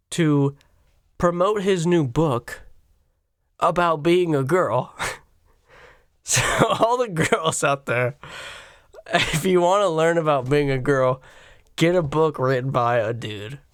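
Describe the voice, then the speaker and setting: A man hosting a solo podcast, ranting crudely and sarcastically, swinging from loud outbursts to quiet stretches. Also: fairly high pitch, no echo, clean studio sound. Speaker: podcast host.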